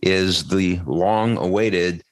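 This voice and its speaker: A very deep-voiced American man co-hosting a podcast, his talk measured and explanatory as he works through a Bible passage. The sound is dry and close, with no room in it. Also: no room sound. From United States. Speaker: podcast co-host. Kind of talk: casual Bible discussion.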